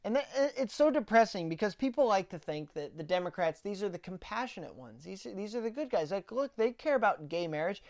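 A woman's voice: mid-range voice, expressive, brisk, few pauses, darkish tone. Ranting woman podcast host. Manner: ranting, mocks opponents in sarcastic put-on quotes; repeats words when starting sentences. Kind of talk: opinionated political commentary.

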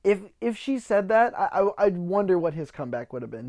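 A man's voice: high-pitched, big pitch swings, fast, hardly any pauses, a little mellow. A man hosting a podcast, ranting in a casual monologue, swearing freely and often repeating words as he starts sentences. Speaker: podcast host.

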